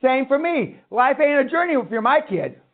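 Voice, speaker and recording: Male seminar speaker, very high pitch, blunt and foul-mouthed; thin telephone-quality audio. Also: sing-song, moderate pace. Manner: blunt, swearing, ranting. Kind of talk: profane motivational lecture. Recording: tinny phone-like line.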